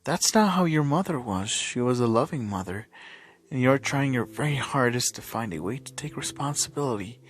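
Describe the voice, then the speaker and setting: A man reading fan fiction aloud, voicing an ancient heroine woman who is a calm, patient, gently teasing mentor. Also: mid-range voice, normal speed, slightly rough.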